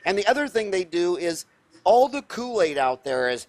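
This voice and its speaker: A man's voice: high-pitched, sing-song, normal speed. A man in his fifties, hosting a show, telling a story with energy and emphasis in a folksy, conversational way. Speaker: podcast host, dentist.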